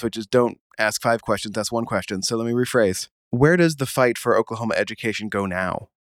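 A man's voice: lowish voice, clear, resonant tone, no echo, clean studio sound. A man co-hosting a podcast, asking long, rambling questions and then correcting himself. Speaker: podcast co-host. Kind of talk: casual chat.

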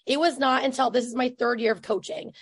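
A chatty woman in her thirties hosts a casual podcast, talking in quick, effusive bursts full of fillers. Her voice sits a little high, and the recording is close and dry with no room around it. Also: steady tone, slightly rough, no room sound. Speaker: podcast host and business coach.

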